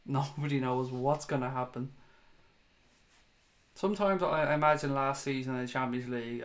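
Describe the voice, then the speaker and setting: Host, young man, casual chat, mid-pitched, swears freely. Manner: chatty, swears casually, laughs at himself. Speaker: fan show host reading viewer comments.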